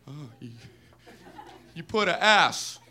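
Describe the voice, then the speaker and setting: A man's voice: high-pitched, expressive, slow pace, pushed and bright, slight background noise, pitched below the performer's own voice, heavily acted. A man doing a goofy stand-up schoolboy bit.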